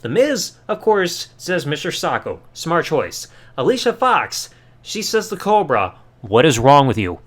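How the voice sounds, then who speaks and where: A man's voice: on the high side, sing-song, unhurried. A man hosting a podcast, giving a sarcastic, casual episode review and swearing freely. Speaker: podcast host.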